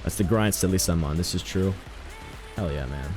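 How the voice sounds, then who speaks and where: A man's voice: sits low, moderate pace, music in the background. A young man chatting casually while streaming a game, joking, rambling and telling stories to his chat. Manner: joking, rambling, animated storytelling.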